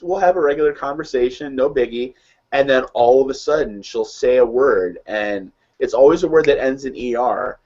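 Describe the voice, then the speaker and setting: A man's voice: medium pitch, darkish tone. Easygoing Midwestern man, lo-fi audio. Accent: American Midwest. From American Midwest. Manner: rambling, easygoing. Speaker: co-host. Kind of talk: casual chat.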